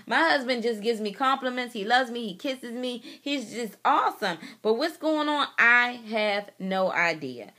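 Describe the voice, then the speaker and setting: A woman vlogger telling a personal story to the camera, emotional and animated, talking straight to her viewers and repeating herself for emphasis. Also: a little high, measured pace, hardly any pauses. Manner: emotional, animated retelling, addresses viewers directly.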